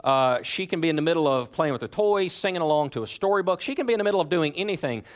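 A man in his thirties preaching a sermon in a church, talking in a relaxed, conversational way, with playful asides and frequent restarts. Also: fairly high pitch, fast talker. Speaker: pastor.

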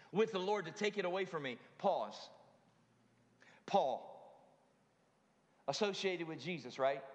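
A man preaching a sermon, moving from scripture into chatty asides to the congregation. His voice sits fairly high for a man. The sound carries a long reverb, as in a church sanctuary.

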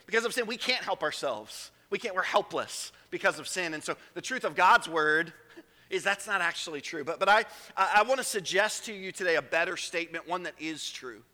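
A man delivering an earnest sermon as pastor, dropping into hushed low phrases and then rising to emphatic raised ones. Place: church sanctuary. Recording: long reverb of a church hall.

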